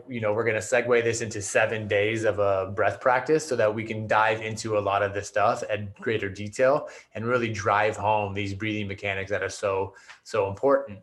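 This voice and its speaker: A man teaching breathing techniques on a video call, explaining loosely with many fillers and restarts, his mouth dry from talking an hour. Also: on the low side. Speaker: breathwork coach. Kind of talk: casual instruction over video call.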